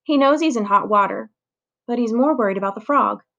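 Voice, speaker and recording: A woman reading a children's chapter book aloud in a clear, steady storytelling voice. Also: fairly high pitch, brisk, muffled recording. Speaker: reader.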